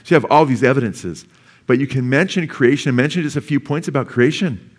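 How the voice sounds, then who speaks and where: A man's voice: mid-range voice, expressive, fast talker. A middle-aged man preaching a sermon in a church in a conversational way, often tagging his points with "amen?" and "man". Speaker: pastor.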